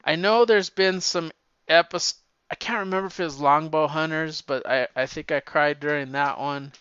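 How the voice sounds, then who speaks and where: Bright-voiced man in rambling casual chat. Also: on the high side, normal speed, clean tone, no room sound, lo-fi sound. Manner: rambling, stammering restarts, swears freely. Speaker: comic book fan talking to a friend.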